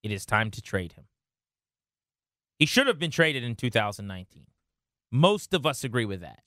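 A man hosting sports radio talk, hoarse from a cold and delivering emphatic, opinionated takes. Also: mid-range voice, very animated, normal speed, pushed and bright, no room sound, studio quality. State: hoarse from a cold, cracking when he laughs.

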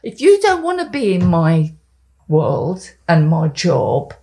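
A woman's voice: lowish voice, huge pitch swings, slow, mellow. Blunt, opinionated woman. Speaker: podcast co-host, columnist. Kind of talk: casual chat.

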